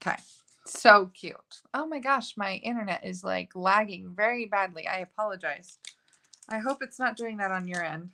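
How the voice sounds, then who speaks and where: A woman chats her way through a live card-making tutorial, gushing enthusiastically and dropping fillers often. Her voice sits at medium pitch with a pushed, bright quality, and she talks at a normal speed.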